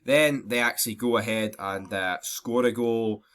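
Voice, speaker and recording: A man's voice: mid-range voice, normal speed, fairly bright tone, clear, resonant tone. A young Scottish man with a throat infection and stuffy nose, ranting bluntly and mockingly through a casual football match review. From Scotland. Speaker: football vlogger.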